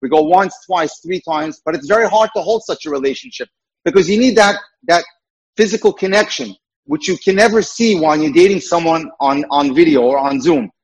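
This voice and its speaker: Husky-voiced emphatic male lecturer. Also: on the high side, fairly quick, muffled recording. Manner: emphatic, repeats points, tells jokes. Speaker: dating mentor.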